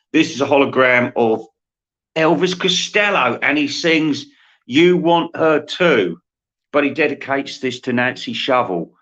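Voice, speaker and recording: A man's voice: mid-range voice, lively intonation, unhurried, a bit bright. A man host rambling through a satirical comic monologue, laughing at his own jokes. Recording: dull lo-fi sound.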